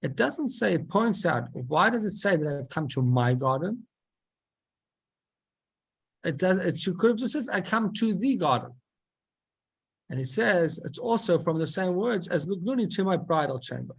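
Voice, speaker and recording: A man's voice: fairly high pitch, animated, moderate pace, gravelly, breathy edge. A man teaching a class, explaining a religious text and posing questions and then answering them himself, with frequent restarts.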